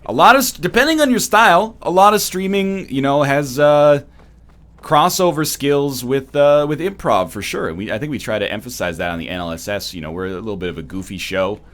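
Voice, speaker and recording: A man's voice: mid-range voice, animated, fairly quick, a bit bright. A man in his thirties, a streamer who chats casually and rambles in a joking, opinionated way while playing a game. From Canada. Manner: rambling, joking and opinionated, riffing on chat comments. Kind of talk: casual chat while gaming.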